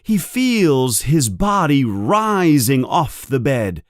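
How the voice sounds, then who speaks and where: A man narrates a storybook in a clear, deliberate way for learners. He talks very slowly with widely rising and falling pitch. The recording is close and dry. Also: very animated, no echo. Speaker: audiobook narrator.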